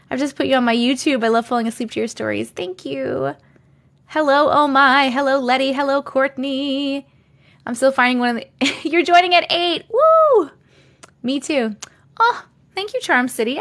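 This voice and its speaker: Upbeat woman host, thirties, bright high voice, reads chat comments on a desk mic. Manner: bubbly, greets viewers by name, reads comments aloud. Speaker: live-stream host. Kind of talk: casual live-stream chat. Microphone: desk condenser mic.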